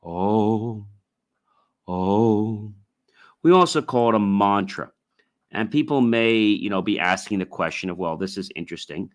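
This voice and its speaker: Low-voiced man hosting a solo podcast. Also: fairly even intonation. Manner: chants drawn-out oms in demonstration; loose, filler-heavy, repeats himself. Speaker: podcast host. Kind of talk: casual solo podcast talk.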